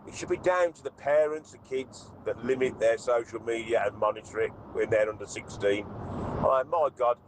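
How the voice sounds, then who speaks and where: A man's voice: mid-range voice, moderate pace, background noise. A middle-aged man, calling in to a radio show, blunt and exasperated. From Birmingham, England. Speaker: radio caller.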